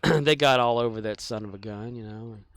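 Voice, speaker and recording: A man's voice: medium pitch, quick pace, a bit bright. A man streaming a game, chatting casually in a meandering, folksy way with many fillers and restarts and some mild swearing. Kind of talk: casual rambling chat while gaming.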